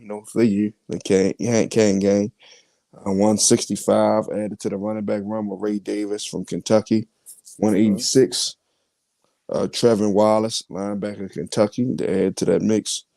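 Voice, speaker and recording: A man hosting a podcast, reading out his mock draft picks in a casual, halting way with many fillers. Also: lowish voice, level tone, vocal fry, dark tone, dry recording. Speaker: podcast host.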